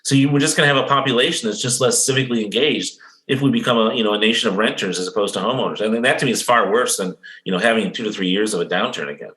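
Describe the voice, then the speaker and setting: A man's voice: fairly low pitch, a bit bright. A man speaking as an economist guest in an interview, explaining confidently and checking for agreement as he goes. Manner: fast, confident, lecturing, seeks agreement with "right?". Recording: echoey room.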